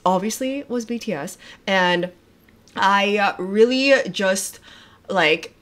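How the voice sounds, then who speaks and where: A young woman livestreaming a reaction, talking in a gushing, excitable way, swearing often and trailing off mid-sentence. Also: medium pitch, slow pace. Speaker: livestreamer reacting to music videos. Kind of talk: casual livestream chat.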